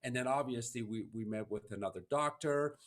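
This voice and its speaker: A man's voice: mid-range voice, fairly quick. A man hosting a podcast, telling a personal story in an earnest, emotional, heartfelt way. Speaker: podcast host.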